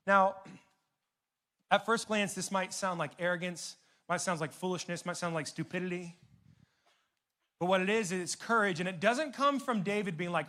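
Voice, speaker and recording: A man delivers a youth sermon in a loose, chatty style full of slang and asides. His voice sits high and sounds bright and forceful. He keeps the energy up as he talks to young listeners. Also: moderate pace, long pauses. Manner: casual, animated, conversational with slang. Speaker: youth pastor.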